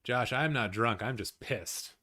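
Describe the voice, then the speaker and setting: A man hosting a live watch-along stream, chatting casually with his viewers, swearing often and reacting loudly. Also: medium pitch, measured pace. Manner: excitable, swears a lot, talks to chat.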